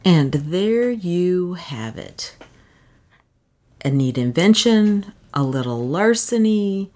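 A woman reading a short story aloud with an expressive delivery, and then commenting on it casually. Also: mid-range voice. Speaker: story reader.

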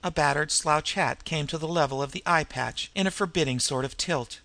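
Bright-voiced male audiobook narrator. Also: fairly high pitch, moderate pace.

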